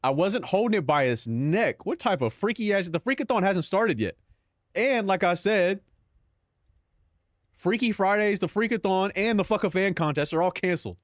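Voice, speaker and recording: A man's voice: high-pitched, expressive, moderate pace, no echo, clean studio sound. A young man streaming live, chatting casually, joking and swearing, often laughing at his own bits.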